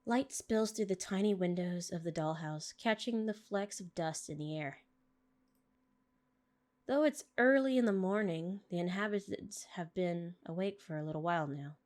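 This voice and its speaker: A gaming YouTuber with a lowish, slightly mellow voice plays through a story game at a moderate pace. She chats casually, reads the game's text aloud, and giggles frequently.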